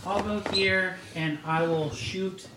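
A man's voice: high voice, fairly even intonation, takes it slowly. A man playing in a tabletop game who states his moves in a dry, matter-of-fact way. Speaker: player. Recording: roomy, distant from the mic, noisy.

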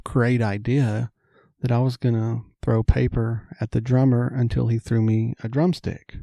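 A man's voice: mid-range voice, flat delivery, a little slow, gravelly, dark tone, dry recording, studio quality. A man, chatting casually and telling rambling stories, acting out the voices of people in them. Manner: rambling anecdotes, acts out quoted voices. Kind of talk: casual chat, storytelling.

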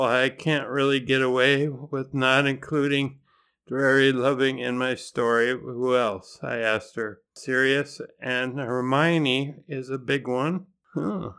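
A man's voice: medium pitch, fairly bright tone, clear, resonant tone. A man hosting a podcast, narrating in a conversational way with dry, wry humor. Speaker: podcast host.

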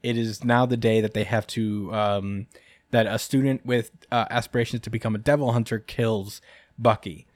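Recapping a chapter on his podcast, a man rambles casually with lots of ums and laughs. His voice is lowish with fairly even intonation at a normal speed, and the sound is clean studio quality without echo.

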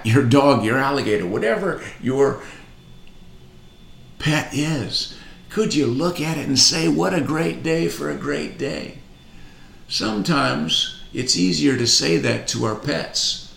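A man's voice: mid-range voice, creaky, a bit bright, reverberant. A man giving a motivational talk as a coach, repeating a catchphrase and urging listeners to say it with him.

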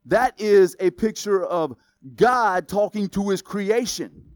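A man preaching a sermon as pastor, in a casual, conversational way that builds up to loud exclamations. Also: sits high, animated, slow, dry recording.

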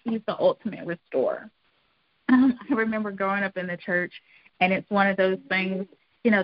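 A woman's voice: mid-range voice, dry recording, highs cut off. A middle-aged woman giving an earnest, encouraging devotional talk, repeating phrases for emphasis. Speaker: devotional speaker.

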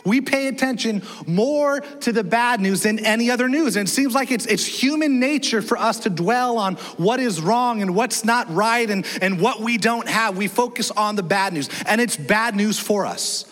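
An energetic male pastor preaches in a chatty way, throwing questions out to the congregation. His voice sits high for a man. The sound carries the long reverb of a church hall. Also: normal speed, hardly any pauses. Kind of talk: sermon. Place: church auditorium.

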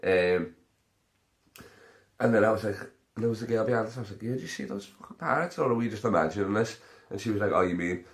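A man's voice: lowish voice, fast, long pauses. Sweary rambling man telling stories. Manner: rambling, sweary, laughs at own jokes. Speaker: podcast host. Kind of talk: casual storytelling monologue.

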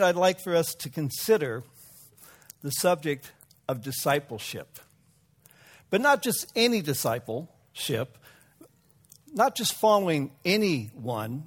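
A male preacher delivering a sermon in a storytelling manner, sometimes correcting himself mid-sentence. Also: mid-range voice. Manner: storytelling, occasional self-corrections.

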